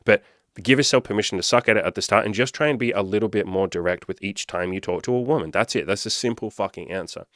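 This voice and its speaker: Recorded with clean studio sound and no room echo, a man hosts a question-and-answer show, answering listener questions in a casual advice monologue. He talks fast in a lowish voice with a fairly bright tone, giving blunt, profane dating advice and acting out example lines.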